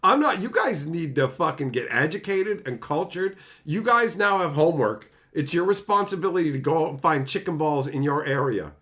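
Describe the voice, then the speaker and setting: A man talks casually on a live stream, reading his chat aloud and firing back profane, exasperated rants. His voice sits a little high and leaps all over the place as he gets worked up. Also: expressive, moderate pace, hardly any pauses, fairly bright tone.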